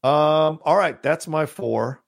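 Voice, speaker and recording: A man's voice: a little high, slow, creaky, dry recording, studio quality. A man co-hosting a casual podcast, rambling enthusiastically about movies and swearing now and then. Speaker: podcast co-host.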